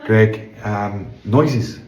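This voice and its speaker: A man's voice: on the low side, very slow, a little mellow, reverberant, muffled recording. A Scottish man investigating hauntings, recapping casually and hesitantly with frequent ums. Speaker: paranormal investigator.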